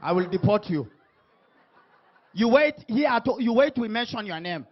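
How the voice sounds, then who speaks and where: A man hosting a comedy talk show in a strikingly high voice. He ribs his guests and throws shouted lines at the crowd. The recording sounds muffled and lo-fi. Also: lively intonation, moderate pace. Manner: teasing, punchy, shouts hype lines to the crowd. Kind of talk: comic stage hosting before a live audience.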